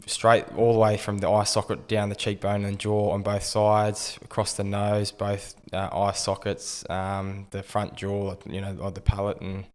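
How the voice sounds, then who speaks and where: An Australian man in his thirties, a retired rugby league player, telling his story in a relaxed, understated way with frequent ums. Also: on the low side, a little slow, few pauses, clear, resonant tone, long reverb tail. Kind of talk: casual interview storytelling.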